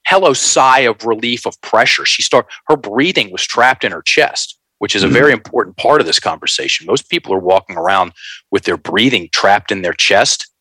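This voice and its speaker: A man telling a story in an animated, folksy way, calling his listeners folks. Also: lowish voice, a little fast, slightly rough, no echo, low-quality recording. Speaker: guest.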